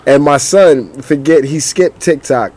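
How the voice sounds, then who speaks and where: A man chatting casually with friends, relaxed and reflective, speaking in measured sentences. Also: a little high. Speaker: podcast co-host. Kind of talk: casual chat among friends.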